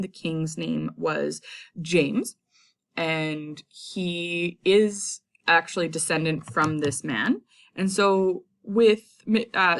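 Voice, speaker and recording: Chatty woman teacher, low voice. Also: creaky. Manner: chatty, paraphrases characters in slang. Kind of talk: casual lesson summary.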